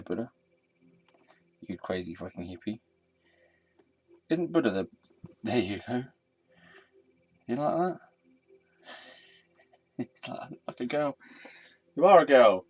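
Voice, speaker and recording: A man's voice: medium pitch, expressive, unhurried, pauses often, no echo. A tired man rambling casually and self-deprecatingly to a statue while he films. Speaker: vlogger.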